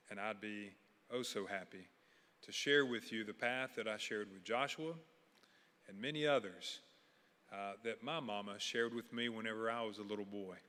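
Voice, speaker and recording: Pastor, male, low-ish bright voice, earnest funeral sermon, long hall reverb. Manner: earnest, preacherly, measured pauses. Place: church sanctuary.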